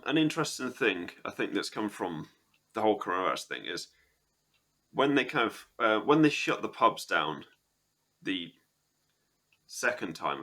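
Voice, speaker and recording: Low-voiced man with a sharp tone, halting conversational delivery. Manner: hesitant, halting, many restarts. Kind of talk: casual interview conversation.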